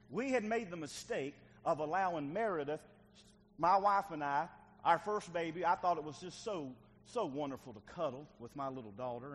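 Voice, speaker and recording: A middle-aged male pastor preaching a sermon, swinging between loud and hushed delivery. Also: a little high, slight background noise. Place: church sanctuary.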